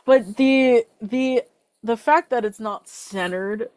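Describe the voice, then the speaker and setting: A young woman co-hosting a fan podcast in casual chat, chatty with quick asides and filler words. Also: a little high, a little mellow, no echo. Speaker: podcast co-host.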